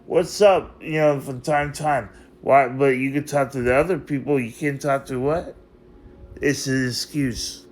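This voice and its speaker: A man's voice: mid-range voice, fairly even intonation, normal speed. Rambling, emotional man confronting someone. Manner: repetitive, circling back on phrases. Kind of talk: unscripted monologue to camera.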